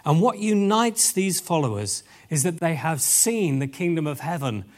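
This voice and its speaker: A man preaching a lively sermon, animated and exclamatory, addressing the audience directly. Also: a little high, moderate pace. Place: event hall with tables.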